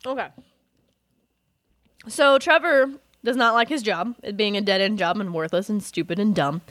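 A young woman co-hosting a casual comedy podcast, blunt and quick to laugh, on a close mic. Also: mid-range voice, a bit bright, dry recording. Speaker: podcast co-host. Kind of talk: casual chat.

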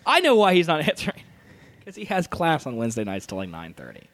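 A man's voice: fairly high pitch, wildly swooping pitch, quick pace, fairly bright tone, dry recording. A young man hosting a casual comedy podcast, teasing his co-hosts and laughing often. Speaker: podcast host. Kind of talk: casual chat.

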